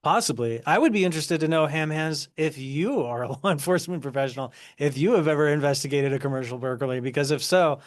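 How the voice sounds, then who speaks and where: A man's voice: a little high, quick pace, hardly any pauses. Easygoing man co-hosting a podcast. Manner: easygoing, joking, laughs often. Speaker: podcast co-host. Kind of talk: casual chat reacting to comments.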